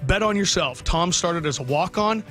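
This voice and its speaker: A man's voice: high-pitched, lively intonation, normal speed, a bit bright, faint music behind. A middle-aged man, a radio sports broadcaster, talking heartfelt and rambling about his son in a radio interview, choking up at times.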